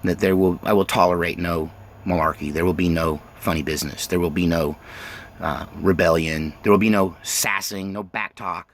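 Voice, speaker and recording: A man voicing his stern, harsh ex-Marine preacher father, giving clipped, commanding threats in a gravelly voice. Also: low voice, steady tone, normal speed, a little hiss or hum, pitched below the performer's own voice.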